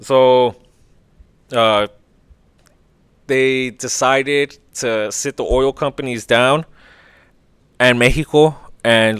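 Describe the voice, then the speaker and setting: A man hosting a casual history podcast, opinionated and profane, briefly acting out quick voices. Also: medium pitch, fairly even intonation, fairly bright tone, smooth, no room sound. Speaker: podcast host.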